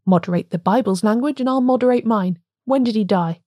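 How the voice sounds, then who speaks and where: A woman's voice: on the high side, fairly quick, no room sound, clean studio sound, lightly acted. A woman playing a grim, fanatical village blacksmith. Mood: stern. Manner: ponderous, calm and solemn.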